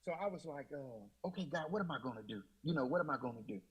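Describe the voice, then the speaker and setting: This man's voice sits a little high, with lively intonation, a fast pace and a slightly rough texture, captured on a low-quality recording. As a guest, he recounts his faith testimony in an emotional, repetitive storytelling style typical of Southern US Black church speech, again and again saying "I said."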